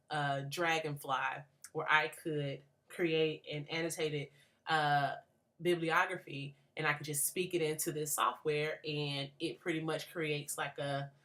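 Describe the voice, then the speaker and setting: Young woman from atlanta talking through a book, low voice, lots of ums. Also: fairly bright tone. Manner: thoughtful, many fillers and restarts. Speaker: graduate student. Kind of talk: reflective book response.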